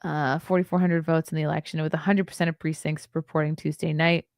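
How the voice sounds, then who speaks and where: A woman in her thirties hosts a casual livestream in a low, gravelly voice, reading headlines and chat messages aloud. She adds wry, chatty asides as she goes. She sounds tired, and the close recording is dry. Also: flat delivery, fast, a little mellow, dry recording. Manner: chatty and wry, laughs and ad-libs between reading. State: tired, yawning. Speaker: livestream host. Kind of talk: casual livestream commentary, reading news and chats.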